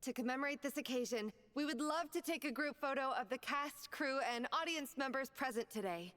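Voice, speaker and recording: A woman's voice: high voice, fairly quick, fairly bright tone, long reverb tail. An actress playing a polite woman announcer at a ballet, who speaks formally and graciously.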